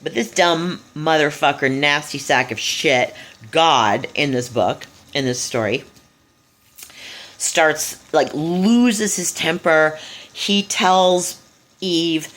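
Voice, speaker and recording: A woman's voice: deep voice, takes it slowly, fairly bright tone. A woman retelling a story in a casual monologue, blunt, profane and scornful, with loose asides and restarts. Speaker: speaker giving a talk.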